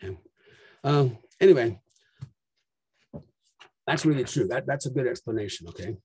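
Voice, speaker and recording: A man delivers a conference talk and keeps checking that his listeners are following. His voice is mellow and a little husky, and the sound is dry and close with no room echo. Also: mid-range voice, animated, normal speed. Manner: explanatory, checks in with frequent "okay?". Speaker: conference plenary speaker. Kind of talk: lecture presentation.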